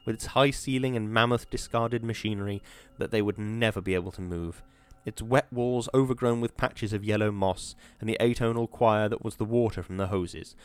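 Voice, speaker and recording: A man reading an audiobook in a measured, atmospheric storytelling manner. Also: on the low side, clear, resonant tone, no echo. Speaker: narrator. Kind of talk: audiobook narration.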